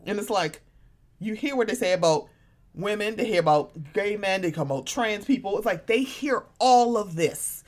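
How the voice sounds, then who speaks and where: A woman in her thirties chatting casually as a podcast co-host, animated and profane, often acting out what other people say. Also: mid-range voice, normal speed. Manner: animated, profane, acts out quoted voices. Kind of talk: casual chat.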